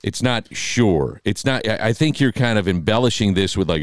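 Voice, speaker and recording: Guy with a lowish voice cohosting, dry teasing, close dry mic. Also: animated, normal speed, smooth, dry recording. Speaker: radio show co-host. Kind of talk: casual chat.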